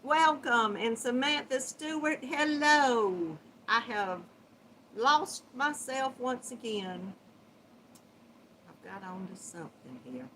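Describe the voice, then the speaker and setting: Bright-voiced Southern woman hosting a live chat. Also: a little high, very animated, slow pace, a little hiss or hum, low-quality recording. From Georgia, USA. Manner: chatty, greets viewers by name, laughs often. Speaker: crochet channel host. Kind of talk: casual live-stream chat.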